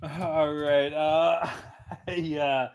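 A man hosting a casual betting podcast, reading out odds briskly and teasing his co-hosts with casual swearing. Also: a little high, level tone, darkish tone, clear, resonant tone. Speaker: podcast host.

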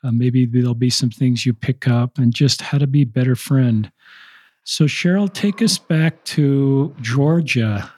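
A man's voice: medium pitch, unhurried, a little mellow, no echo. A man hosting a podcast, guiding his guest with explanatory questions. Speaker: podcast host. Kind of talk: interview.

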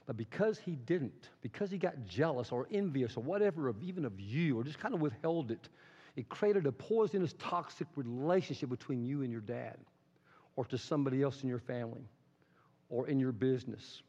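A man's voice: mid-range voice, lively intonation, brisk, mellow, slightly rough. A man preaching an impassioned, emphatic sermon as pastor in a church. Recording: echoey hall, dull sound.

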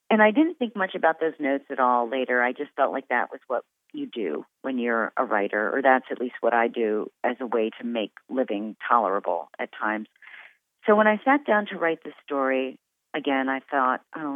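A woman's voice: a bass voice, no room sound. A woman author speaking frankly and with animation about her writing, then reading her own story aloud. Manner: frank and animated, with filler words and restarts. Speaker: author guest. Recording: tinny phone-line sound, dry.

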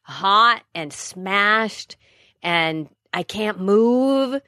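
A woman's voice: mid-range voice, lively intonation, extremely slow, bright, forceful tone, no room sound, studio quality. A woman in casual chat, talking candidly and rambling, often correcting herself mid-sentence.

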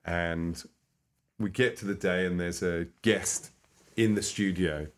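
Low-voiced comedian guy telling animated stories in an interview. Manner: animated, quick to slip into voices. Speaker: guest comedian. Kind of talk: casual interview storytelling.

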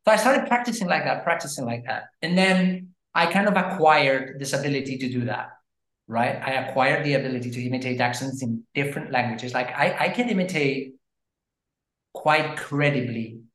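A man from Brazil, a language educator telling stories in a casual, animated interview. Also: medium pitch, normal speed. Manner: animated, chatty storytelling with frequent fillers. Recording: roomy echo.

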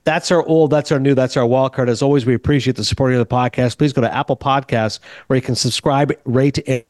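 A middle-aged man hosts a podcast and rattles through a long anecdote at high speed, acting out every exchange as he goes. The recording is dry and close, with no room sound. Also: fairly quick, no room sound. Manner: rambling, animated anecdote with quoted dialogue. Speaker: podcast host. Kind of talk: casual storytelling chat.

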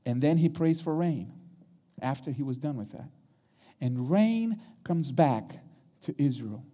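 A man's voice: fairly high pitch, lively intonation, unhurried, warm tone, big-room sound. A man preaching a sermon, retelling a story dramatically and acting out the quotes.

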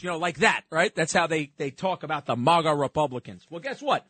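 NY-male talk radio host, 30s, high lively pitch, punchy sarcastic delivery. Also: a little fast, hardly any pauses, no room sound. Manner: sarcastic, emphatic, takes calls. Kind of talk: political talk radio monologue.

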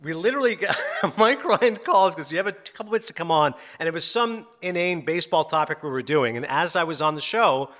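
A middle-aged sports broadcaster and podcast host speaks fairly quickly in a slightly high voice during a casual interview chat. He's an animated storyteller who laughs often and acts out quotes.

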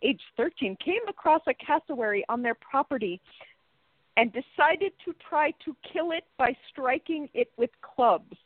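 A woman co-hosting a casual podcast, her voice on the higher side, reading out facts with excitable glee. The sound is tinny and phone-like, completely dry. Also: moderate pace, no echo. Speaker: podcast co-host. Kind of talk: casual chat.

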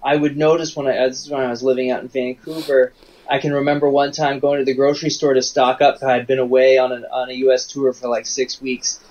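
A man who performs live for children, telling stories in a halting way on a casual interview. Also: medium pitch, level tone, darkish tone. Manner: rambling, halting storyteller with restarts. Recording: dull remote call audio with faint noise.

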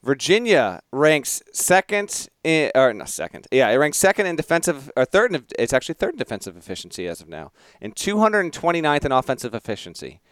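A man's voice: on the high side, sing-song, fairly quick, few pauses, a bit bright, no echo, studio quality. A man co-hosting a casual sports podcast, playful and quizzing his co-host with trivia.

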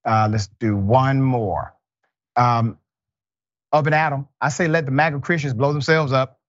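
A man hosts a news talk show, reading comments and statements aloud and questioning a guest. His voice sits at an ordinary middle pitch. The recording is dry and close, with slightly dull sound. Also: steady tone, a little slow, no room sound. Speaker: host.

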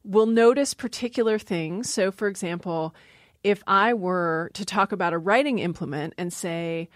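A woman's voice: on the low side, moderate pace, no echo. Dry-voiced woman linguist explaining. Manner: explanatory, laughs often. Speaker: linguist guest. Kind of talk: interview talk.

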